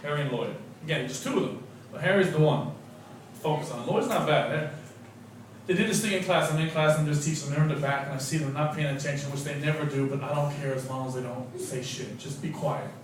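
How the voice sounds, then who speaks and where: Man, stand-up comic, high voice, swears a lot, shouts then mutters, far-off mic, crowd laughing. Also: quick pace. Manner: swinging between loud outbursts and muttered asides, profane. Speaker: stand-up comedian, English teacher. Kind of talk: stand-up comedy set. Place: comedy club stage before a laughing audience. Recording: echoey club, mic from far off, crowd noise. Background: laughing audience.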